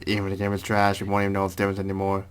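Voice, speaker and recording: A man putting on a chanting robot hive-mind, male and cold, droning each line slowly in a flat monotone. The voice sits low and held back, like a video game machine speaking as one. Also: smooth, lightly acted.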